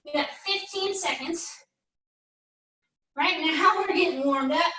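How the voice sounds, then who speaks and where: Woman pilates instructor, high voice, chatty rep-counting, roomy distant sound. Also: slow pace, bright, forceful tone. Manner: encouraging, chatty, counts down reps. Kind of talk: workout class instruction. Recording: echoey room, mic at a distance.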